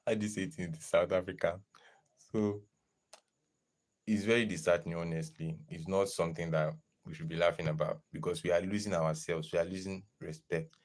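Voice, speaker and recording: A young man chatting casually on a live stream, lively and greeting viewers in the chat as he talks. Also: low voice, fairly quick. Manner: animated, greets chat viewers, slips into pidgin.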